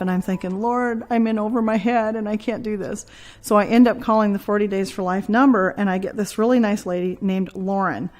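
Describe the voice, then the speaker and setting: A middle-aged woman giving a conversational personal testimony as a guest, earnest and reflective, with frequent ums and restarts. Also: mid-range voice. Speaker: guest telling her personal story.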